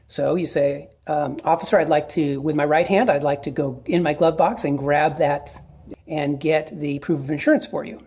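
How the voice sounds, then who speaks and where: A middle-aged man giving casual, plain-spoken advice to viewers, often checking in with a quick "okay?". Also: on the high side, a little mellow. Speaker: video host giving advice. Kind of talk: casual instructional talk to camera.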